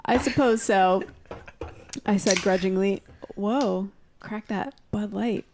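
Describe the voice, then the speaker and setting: A woman's voice: mid-range voice, steady tone, slow, darkish tone. A woman reading a children's book aloud on a podcast, breaking off into laughing, swearing asides. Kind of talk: casual podcast reading and chat.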